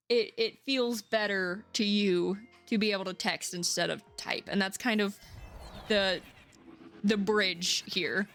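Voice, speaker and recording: A woman in her thirties streaming from home, chatting casually in a rambling, emphatic way with quick laughs and cursing. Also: medium pitch, fairly bright tone. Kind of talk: casual live-stream chat. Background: faint game music.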